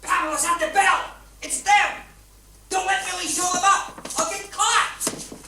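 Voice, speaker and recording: A frantic hostess from far off. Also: female voice, extremely high pitch, steady tone, unhurried, sharp tone, heavy reverb, a little hiss or hum, heavily acted.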